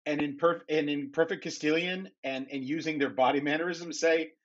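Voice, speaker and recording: A man's voice: a little high, fairly even intonation, normal speed. A man playing a tabletop game, describing his character's actions with amusement. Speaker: player. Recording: dull lo-fi mic.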